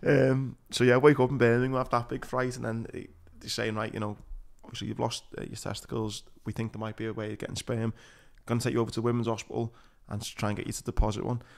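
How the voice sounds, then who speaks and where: A man's voice: mid-range voice, flat delivery, quick pace, creaky, hardly any pauses. A man speaking frankly and bluntly, with plenty of swearing, in a casual podcast chat.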